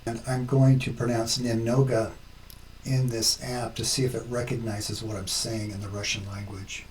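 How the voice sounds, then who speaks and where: Male tutorial host, deliberate and methodical, recorded at a distance with faint background noise. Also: mid-range voice, level tone, a little mellow. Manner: slow, step-by-step explaining. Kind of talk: screen-recorded tutorial narration.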